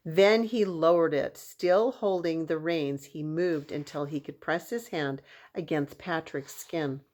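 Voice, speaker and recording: Expressive children's book reader, woman, lower-pitched voice. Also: measured pace. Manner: expressive storytelling. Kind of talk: reading a children's novel aloud.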